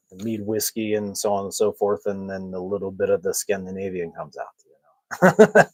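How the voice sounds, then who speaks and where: A low-pitched man hosting a laid-back podcast, rambling through loose stories with frequent chuckles. He jokes at his own expense. The recording is close and dry, with no room sound. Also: no room sound, poor audio. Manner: rambling, chuckles often, self-mocking humor. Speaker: podcast host. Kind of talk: casual chat.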